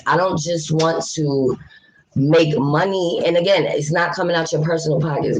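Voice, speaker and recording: A woman's voice: low-pitched, slight background noise, rough recording. A woman from New City, talking bluntly and passionately to her livestream viewers and swearing freely. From New York City. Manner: talks straight to viewers, reads chat aloud. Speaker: livestream host. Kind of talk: casual livestream chat.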